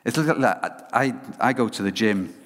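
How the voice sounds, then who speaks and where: Talking a little fast at medium pitch, a man preaches conversationally, spinning animated stories and restarting often as he goes. The sound carries the long reverb of a hall.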